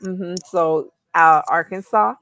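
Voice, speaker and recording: This Southern-accented woman from California hosts a casual family-history session, musing aloud as she works through research on screen. Her voice is on the low side and a bit bright, she takes things slowly, and the audio carries no room sound.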